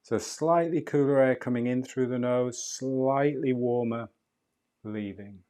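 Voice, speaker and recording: A man leading a guided breathwork class, speaking slowly, softly and calmly. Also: medium pitch. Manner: slow, soft and calm guidance. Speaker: breathwork instructor.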